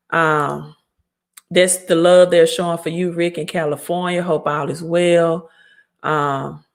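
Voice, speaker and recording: A woman from Mississippi with a Southern accent, hosting a credit repair livestream and answering viewer comments in a blunt, no-nonsense way. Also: low voice. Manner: blunt, scolding, talks straight to viewers. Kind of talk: casual livestream talk reading viewer comments.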